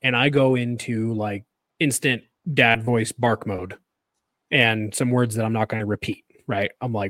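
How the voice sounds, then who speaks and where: A man co-hosts a casual podcast, telling loose, rambling stories that stop and restart as he laughs at himself. His voice sits at an everyday middle pitch. The sound is dry and close to the mic. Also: steady tone, normal speed, fairly bright tone, no echo. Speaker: podcast co-host. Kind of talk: casual chat.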